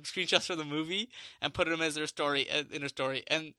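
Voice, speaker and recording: A young man on a podcast telling a story in casual chat, animated and swearing freely, acting out what people said. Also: fairly high pitch, fast talker, dry recording.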